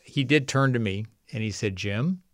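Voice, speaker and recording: A middle-aged man, founder of a water nonprofit, is a guest on a podcast interview, telling a long, rambling anecdote and often quoting other people. His mid-range voice moves at a normal speed, recorded cleanly in a studio with no room sound.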